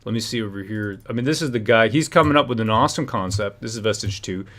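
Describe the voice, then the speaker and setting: A man hosting a live stream, ranting and rambling with frequent restarts and shifts between heated and low-key talk. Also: fast, fairly bright tone. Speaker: livestream host. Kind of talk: ranting livestream commentary.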